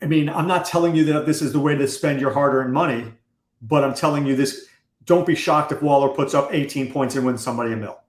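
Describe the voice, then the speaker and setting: A man hosting a fantasy football talk, asking pointed questions in a quick, wry way. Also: mid-range voice. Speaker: fantasy football podcast host. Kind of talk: casual analytical chat. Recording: echoey room.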